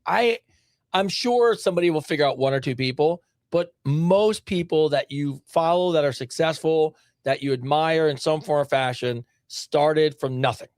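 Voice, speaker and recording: A man co-hosting a podcast in casual chat, talking in an animated, emphatic way with many restarts. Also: on the high side, normal speed, no echo, clean studio sound. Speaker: podcast co-host.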